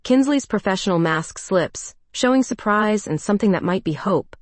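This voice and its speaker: A woman narrating a first-person romance story in a calm, even storytelling voice. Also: mid-range voice, moderate pace, no echo.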